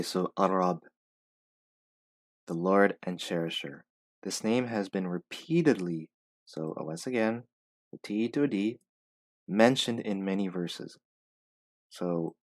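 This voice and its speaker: Deep-voiced man teaching pronunciation. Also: no room sound. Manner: reads a passage aloud, stopping to repeat and break down words. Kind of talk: reading lesson with explanations.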